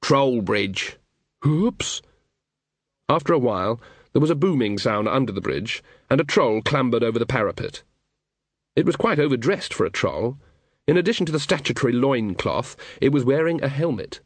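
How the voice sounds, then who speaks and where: A man narrating an audiobook in a measured, wry storytelling manner. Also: medium pitch, big pitch swings, no room sound. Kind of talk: scripted narration.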